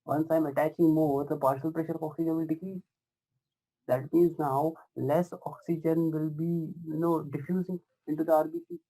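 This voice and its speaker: A man giving a live pathology lecture in a somewhat high, gravelly voice with a soft, mellow tone. He keeps asking his students whether they follow and repeats each point, filling pauses with "you know" and "uh". His delivery is patient and explanatory. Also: level tone, poor audio. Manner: repetitive questioning, addresses students warmly as "my dears" and "guys"; frequent fillers and self-corrections. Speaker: pathology teacher.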